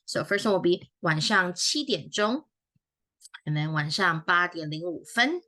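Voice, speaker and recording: A woman's voice: on the low side, animated, a little slow, sharp tone. A woman teaching a recorded Chinese grammar lesson, explaining step by step in a friendly way and correcting her own slips aloud.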